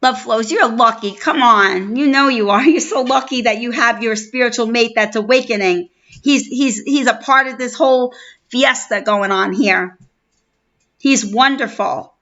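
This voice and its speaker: A woman's voice: on the high side, a little slow, fairly bright tone. A middle-aged woman from New York with a New York accent, hosting a live stream and chatting effusively with viewers by name. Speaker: livestream host. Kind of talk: casual live-stream chat. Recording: dull lo-fi stream audio.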